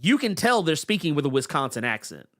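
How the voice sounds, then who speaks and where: Lively high-voiced man chatting about comics. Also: fairly quick. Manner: animated, stammering restarts. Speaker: podcast co-host. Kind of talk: casual comic book chat.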